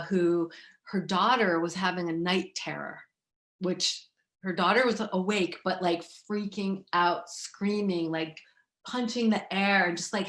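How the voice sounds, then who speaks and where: A woman talks casually from a room at home, recorded over a webcam with a roomy echo. She tells stories in a lively, chatty way and fills her sentences with "like" and "you know." Her pitch sits mid-range for a woman. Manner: chatty, animated storytelling with many fillers. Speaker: yoga and essential oils teacher. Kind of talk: casual online summit talk. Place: indoor room at home with diffusers.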